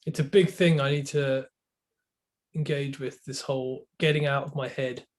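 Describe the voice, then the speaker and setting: A man's voice: medium pitch, fairly even intonation, moderate pace. A man interviewing a guest, giving short replies and laughing along.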